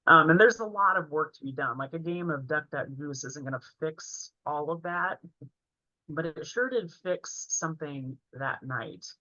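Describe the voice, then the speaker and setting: A woman's voice: deep voice, normal speed, bright, forceful tone, no room sound. A woman in her forties telling a heartfelt personal story in an earnest way while presenting a training session. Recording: dull, lo-fi, dry sound.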